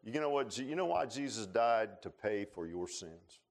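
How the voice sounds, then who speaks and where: A man preaching a sermon in a church, telling stories in a folksy way and swinging between loud rises and quiet low passages. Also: lively intonation, normal speed. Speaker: pastor. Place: church sanctuary.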